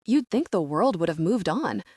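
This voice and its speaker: A British woman voicing a calm, matter-of-fact female hospital nurse in an audiobook. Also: fairly low pitch, normal speed, breathy edge, no echo, studio quality. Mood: breezy.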